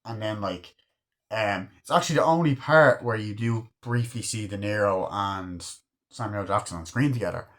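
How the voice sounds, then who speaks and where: A man's voice: lowish voice, normal speed. A man giving a casual, rambling film review, swearing freely as he retells scenes. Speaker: movie reviewer.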